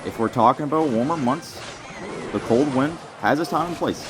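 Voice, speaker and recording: A man's voice: medium pitch, normal speed. A young man, delivering a rambling, mock-serious comedic rant full of fillers. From Canada. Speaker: vlogger. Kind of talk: comedic rant addressed to the wind. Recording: music playing under the voice.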